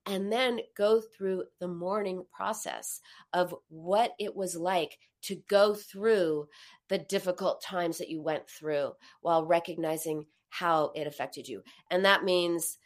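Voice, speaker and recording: A woman answering viewer questions in a live talk, explaining thoughtfully and restarting phrases as she searches for words. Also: slow. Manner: animated, acts out inner voices with big pitch jumps.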